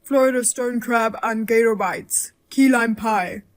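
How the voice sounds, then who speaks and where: A woman's voice: on the high side, unhurried, close to an everyday voice. A woman voicing a blunt, outraged mother-in-law who jokes darkly and talks sharply. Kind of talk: dramatized story voice-over.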